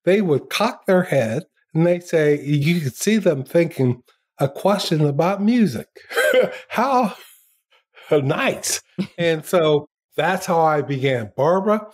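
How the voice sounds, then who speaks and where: Older male guest, animated raconteur, unhurried delivery, laughs often. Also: a little high. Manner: lively anecdotes, acts out quotes, laughs often. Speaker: guest, former TV journalist. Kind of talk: storytelling in a podcast interview.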